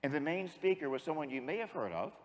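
A priest giving a sermon as an animated storyteller who acts out the dialogue. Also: male voice, fairly high pitch, fast, big-room sound.

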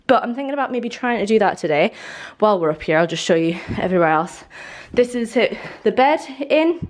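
A woman's voice: medium pitch, expressive, brisk. A woman in her twenties talking casually to the camera as she walks around her new home, rambling and filling gaps with "like". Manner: chatty and rambling, many "like" fillers. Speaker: lifestyle vlogger. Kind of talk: casual vlog chat to camera. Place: indoors in a newly moved-into house.

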